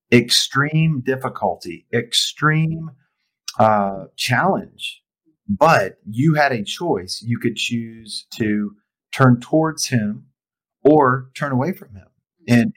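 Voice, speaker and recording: A man's voice: mid-range voice, fairly bright tone, poor audio. Thoughtful male interviewer. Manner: thoughtful, summarizing. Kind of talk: reflective interview commentary.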